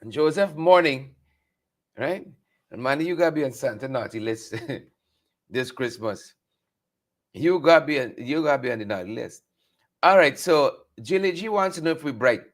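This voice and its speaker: A man's voice: mid-range voice, expressive, moderate pace, pauses often. Chatty man hosting a morning show. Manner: chatty, repeats phrases, greets viewers by name. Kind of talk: live morning show chat reading viewer comments. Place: studio.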